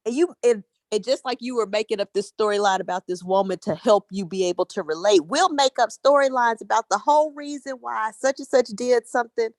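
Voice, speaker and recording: A woman's voice: fairly high pitch, fairly quick, hardly any pauses, no echo. A woman in a group discussion, speaking in an earnest, reflective way. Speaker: group member. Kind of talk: casual discussion.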